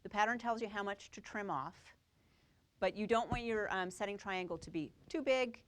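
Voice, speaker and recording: A woman's voice: medium pitch, moderate pace, a bit bright. A woman teaching a quilting class, explaining each step and checking that the students follow. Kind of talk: live classroom demonstration.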